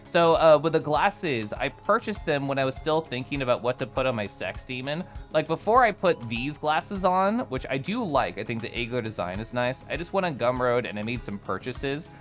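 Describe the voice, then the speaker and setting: A male streamer catching up on his chat with a lively voice that swoops up and down as he reacts. He talks in a playful, giggly way, and soft music plays faintly behind him. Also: fairly high pitch. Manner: animated and giggly, playful voice swings.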